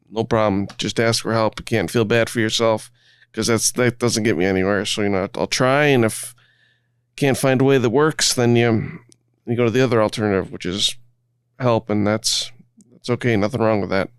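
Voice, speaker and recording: Smooth-voiced man telling stories. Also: mid-range voice, normal speed, dry recording. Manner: relaxed, self-deprecating, often restarts phrases. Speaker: guest. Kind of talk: conversational storytelling.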